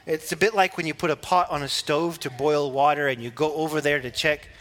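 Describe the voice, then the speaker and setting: A preacher teaching from the Bible in a relaxed, conversational way, with small laughs and restarts. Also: male voice, on the high side, brisk.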